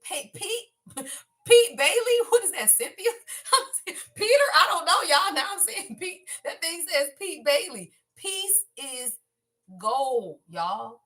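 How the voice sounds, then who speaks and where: Woman, tarot reader, high lively voice, profane, hype energy. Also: takes it slowly. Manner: excitable, profane, laughs and exclaims often; talks straight to viewers as y'all. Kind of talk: casual tarot reading to camera.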